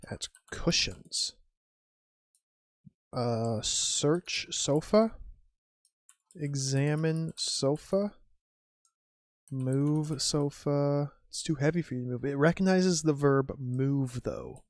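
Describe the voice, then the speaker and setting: An old adventure game gets casual, wry commentary from a streamer who reads its text aloud and slowly speaks each typed command. Medium pitch, darkish tone, no echo.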